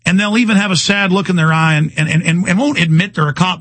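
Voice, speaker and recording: A man hosting a talk radio show, ranting in an agitated way and tripping over repeated words. His voice is husky and sits fairly high for a man. The sound is close and dry. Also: quick pace, fairly bright tone, dry recording. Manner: ranting, agitated, stumbling repetitions.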